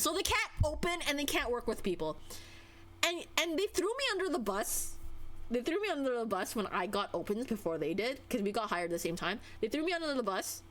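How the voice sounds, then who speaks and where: A woman's voice: big pitch swings, fairly quick, a bit bright. Exasperated young woman venting on stream. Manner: exasperated, venting, with wide pitch swings. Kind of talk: casual stream rant.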